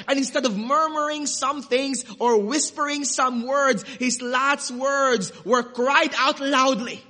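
High bright-voiced man preaching a sermon. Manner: preaching, addresses the church as dearly beloved, slows down for emphasis. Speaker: pastor. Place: church sanctuary. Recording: long reverb of a church hall.

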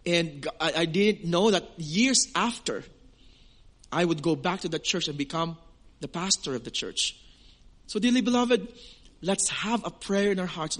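High-voiced Filipino pastor preaching. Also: male voice, expressive, moderate pace, a bit bright. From Western Visayas, Philippines. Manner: earnest, repeats words while searching for phrasing. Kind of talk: sermon.

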